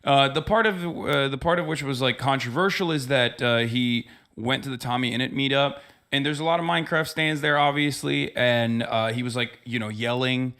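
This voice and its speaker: A man's voice: medium pitch, moderate pace, hardly any pauses, pushed and bright, smooth. A man talking on a casual podcast, rambling with restarts and fillers. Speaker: podcast co-host.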